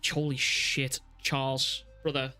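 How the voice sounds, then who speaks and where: A young man live streaming, reacting to chat messages with excitable, heavily profane talk. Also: mid-range voice, takes it slowly, smooth, faint music behind.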